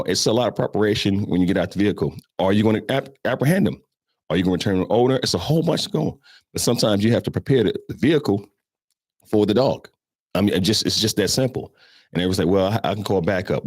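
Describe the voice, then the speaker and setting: A man's voice: on the low side, darkish tone, no room sound, clean studio sound. A man hosting a show, giving blunt, casual instruction on animal handling and firing off rhetorical questions.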